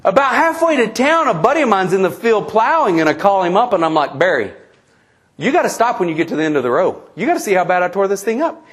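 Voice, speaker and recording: A middle-aged man from eastern New Mexico telling a funny story at a conference, animated, laughing at his own tale and acting out the other people's lines. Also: high-pitched, fast. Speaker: conference speaker. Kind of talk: humorous storytelling keynote. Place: convention presentation.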